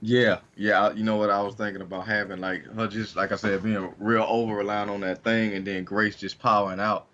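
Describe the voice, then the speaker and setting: A man's voice: fairly low pitch, little pitch movement, fairly quick, hardly any pauses, a bit bright, lo-fi sound. A man co-hosting a wrestling podcast, talking casually and rambling with lots of fillers and restarts. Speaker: podcast co-host. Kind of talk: casual chat.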